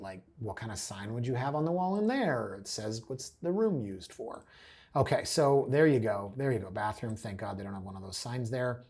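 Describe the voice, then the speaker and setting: A man with a husky, slightly breathy voice talks viewers through house listings in a loose, chatty way. He keeps dropping wry, joking asides as he goes. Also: mid-range voice, a little mellow. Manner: chatty, addresses viewers directly. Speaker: real estate agent host. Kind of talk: casual commentary over listing photos.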